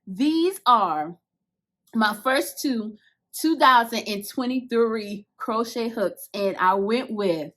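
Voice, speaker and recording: Gushing high-voiced woman vlogger. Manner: gushing and excitable, talks straight to viewers; casual Southern-style slang like "y'all" and "I'ma". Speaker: crochet vlogger unboxing hooks. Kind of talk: casual unboxing chat to viewers.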